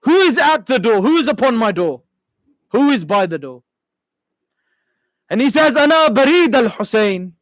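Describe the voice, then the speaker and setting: A man's voice: very high voice, very animated, measured pace, pauses often, no room sound, rough recording. A male preacher impassioned in telling a sacred story during a sermon.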